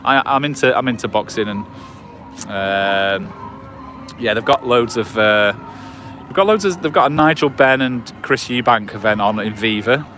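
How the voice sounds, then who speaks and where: An English livestream host in his forties chats with viewers at night on a seaside promenade, using a phone on a gimbal and rambling with plenty of fillers and restarts. His mid-range voice is bright and forceful at a measured pace, with faint music behind him.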